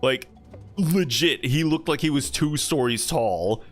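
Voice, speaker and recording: A man streams a game while chatting casually, his voice medium-pitched and animated at a measured pace. He rambles and jokes playfully with viewers in live-stream commentary, with faint game music in the background.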